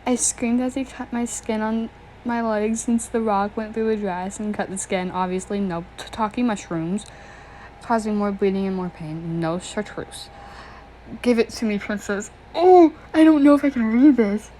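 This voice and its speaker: A woman's voice: mid-range voice, moderate pace, warm tone, slight background noise, rough recording. Giggly young woman reading fan fiction. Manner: giggly, breaks off to react and joke. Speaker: story reader.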